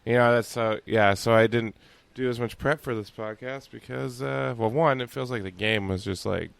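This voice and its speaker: A man's voice: medium pitch, normal speed, gravelly, smooth, no room sound. A man co-hosting a casual sports podcast, telling rambling stories with lots of fillers while on vacation and speaking from a hotel room. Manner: relaxed, rambling storytelling with frequent fillers. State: on vacation, upbeat. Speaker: podcast co-host.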